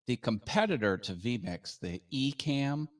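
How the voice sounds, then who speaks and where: Playful American man, lively pitch. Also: a little slow. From United States. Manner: playful and jokey. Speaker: guest. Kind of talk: casual chat on a live stream.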